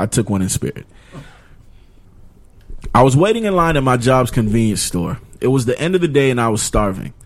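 A man's voice: on the low side, a little mellow. A man co-hosting a casual podcast, slangy and laid-back, laughing often and reading a listener letter aloud. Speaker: podcast co-host.

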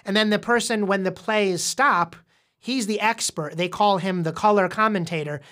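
On a casual podcast, a woman with a medium-pitched, fairly bright voice talks at a normal speed. Interviewing a young child, she patiently explains and asks quiz questions, often breaking off and restarting her words repeatedly.

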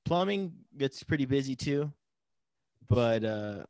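A man's voice: mid-range voice, lively intonation, slow, a little mellow, dry recording. A man hosting a podcast, laid-back and laughing easily as he recalls a summer job. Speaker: podcast host. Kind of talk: casual chat.

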